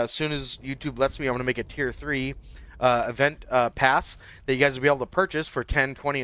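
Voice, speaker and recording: A man hosts his own game stream, chatting at an easy, ordinary pitch. His talk rambles and loops back on itself, full of fillers and restarts, like someone thinking aloud for viewers. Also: sharp tone, clean tone, dry recording. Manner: rambling, loose, lots of fillers. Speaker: livestream host. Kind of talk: casual livestream chat.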